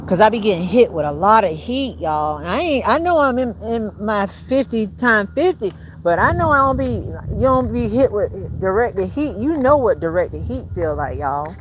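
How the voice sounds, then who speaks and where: A woman's voice: medium pitch, animated, moderate pace, hardly any pauses, a little hiss or hum. A woman vlogging in a casual monologue, rambling and emphatic, swearing often and calling her viewers y'all. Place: rented home.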